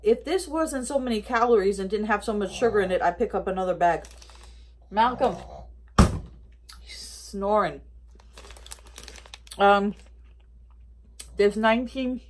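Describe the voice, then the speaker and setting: Woman vlogger, relaxed rambling product review, average pitch. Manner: chatty, rambling, thinking aloud; talks with mouth full of candy. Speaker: haul vlogger.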